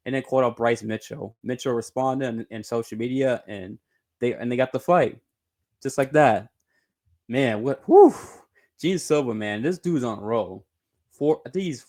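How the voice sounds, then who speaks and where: A man hosting his own sports channel, talking through fight news in a rambling, self-correcting way and swearing casually. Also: darkish tone. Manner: rambling, self-correcting, bursts into high giggling laughter. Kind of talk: casual reaction commentary.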